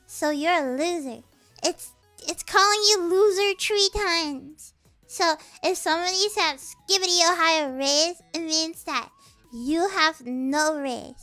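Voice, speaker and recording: A woman's voice: extremely high pitch, pushed and bright. A woman streamer explaining slang in a casual, giggly, rambling way, often restarting her sentences.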